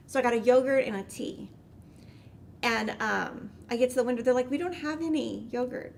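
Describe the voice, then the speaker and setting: A woman's voice: on the high side, expressive, a little fast, gravelly, a little hiss or hum. Chatty woman telling a story. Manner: chatty, rambling, lots of "like". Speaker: host. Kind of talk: casual storytelling on a livestream.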